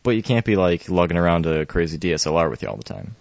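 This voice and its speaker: A man's voice: sits low, fast talker, creaky. A man in casual podcast chat, laid-back, explaining gadgets with jokes and mild swearing. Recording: dry, dull lo-fi sound.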